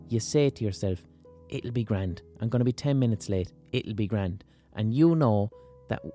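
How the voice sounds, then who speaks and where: An Irish man hosts a podcast, talking through a casual monologue in a blunt, wry way and swearing often. His voice is medium in pitch and mellow.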